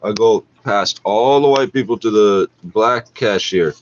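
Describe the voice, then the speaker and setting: A man's voice: on the low side, unhurried. A man delivering a profane, ranting monologue, sometimes acting out other people. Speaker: internet radio talker. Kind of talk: angry monologue over a radio feed. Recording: dull lo-fi mic with faint noise.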